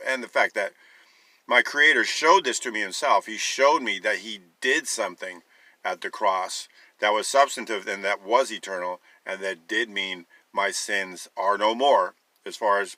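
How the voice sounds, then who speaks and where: A man's voice: fairly low pitch, sharp tone, no echo, rough recording. A man giving an emphatic sermon-style talk, urging listeners and piling up rhetorical questions, with a wry, sarcastic edge. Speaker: Christian teacher.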